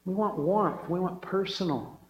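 Male preacher, high voice, enthusiastic sermon, echoey hall, dull sound. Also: normal speed. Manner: enthusiastic, emphatic, repeats "man" and "right?".

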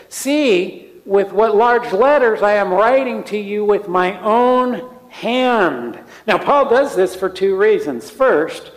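A male pastor preaching a sermon in a conversational style, asking rhetorical questions of the congregation from a church sanctuary. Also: sits high. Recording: church hall reverb.

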